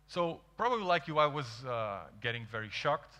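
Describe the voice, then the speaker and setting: A man's voice: mid-range voice, normal speed, hardly any pauses. Portuguese man telling stories onstage. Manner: animated, acts out quoted dialogue. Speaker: speaker. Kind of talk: storytelling keynote talk. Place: large event hall. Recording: reverberant hall.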